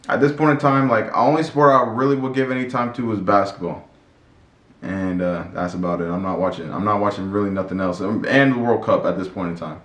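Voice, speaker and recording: A man vlogging in a casual, storytelling way, excitable and rambling, with many restarts and repeated words. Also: fairly low pitch. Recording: echoey room with faint music.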